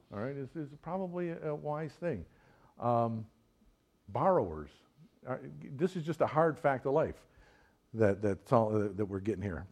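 A man preaching a sermon at a middle pitch. He talks in a loose, conversational way, full of fillers and quick questions to his listeners. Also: darkish tone.

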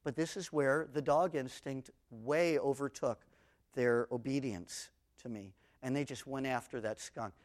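A man teaching an expository sermon on the Psalms, swinging between booming emphasis on scripture and quiet asides, with a personal story mixed in. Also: measured pace. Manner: reads scripture aloud with rising intensity. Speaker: Bible teacher.

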